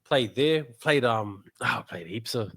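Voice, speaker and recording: A man's voice: medium pitch, expressive, slow pace, sharp tone, no echo. A man with a New Zealand accent, a musician guest chatting casually, laid-back, laughing often and saying "bro" a lot. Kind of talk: casual chat.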